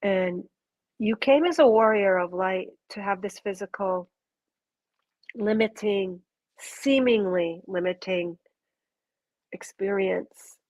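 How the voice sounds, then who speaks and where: A woman's voice: medium pitch, slow, long pauses, darkish tone, no room sound. Earnest woman giving a spiritual reading. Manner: earnest, gushing, rambling with restarts. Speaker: intuitive reader. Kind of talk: live spiritual reading to a viewer.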